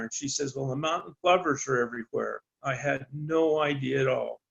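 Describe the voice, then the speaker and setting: A man from eastern Colorado, a rancher, telling a story in a halting, folksy way with many ums and restarts. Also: mid-range voice, creaky, fairly bright tone, dull audio. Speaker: rancher on a landowner panel. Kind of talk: storytelling on a panel talk.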